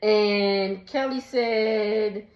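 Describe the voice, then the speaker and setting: A woman's voice: mid-range voice, fairly even intonation, drawn-out words, highs cut off. A woman chatting casually as she recaps a TV episode, laughing often between remarks. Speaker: recap vlogger.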